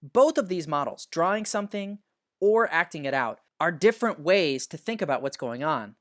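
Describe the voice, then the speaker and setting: A science teacher narrating a scripted lesson in a patient, explanatory way, slowing down to stress key words. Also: mid-range voice, lively intonation.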